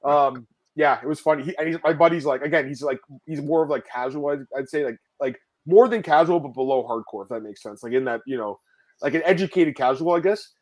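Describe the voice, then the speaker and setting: A man hosting a casual fight-sport podcast, rambling and animated, telling stories with laughs and swearing, often calling out to the viewers. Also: fairly high pitch, a little fast. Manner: addresses viewers as guys. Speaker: podcast host. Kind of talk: casual MMA podcast chat.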